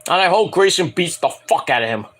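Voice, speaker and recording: A man's voice: a little high, lively intonation, brisk, a bit bright. A man reviewing a wrestling show at home in a casual, rambling rant, profane and mocking, often acting out quotes.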